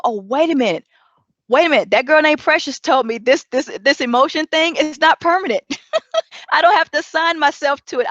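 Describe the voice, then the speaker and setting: Woman doing a pep talk, kinda high voice, stretches words out slow, dry muffled sound. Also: no echo. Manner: animated, stretches key words slowly for emphasis; acts out inner dialogue. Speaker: motivational speaker. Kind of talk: motivational talk.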